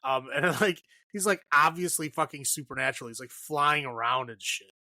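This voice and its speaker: Bright-sounding guy riffing on a movie, swears a lot and keeps laughing, super dry mic. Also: fairly high pitch, moderate pace, dry recording. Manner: loose and profane, laughs often, many "like" fillers. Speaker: podcast co-host. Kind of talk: casual movie review chat.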